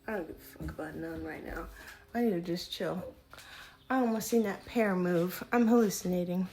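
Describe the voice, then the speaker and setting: A woman's voice: mid-range voice, moderate pace, mellow, a little hiss or hum. A woman streaming live from home, chatting casually to herself and her viewers while gardening, a little out of breath and swearing now and then. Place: home indoors.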